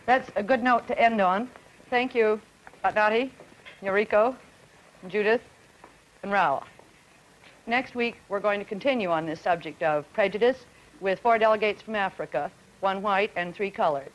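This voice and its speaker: A woman moderating a panel discussion with brisk, poised questions, in the style of a 1950s broadcast. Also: medium pitch. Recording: dull lo-fi vintage broadcast.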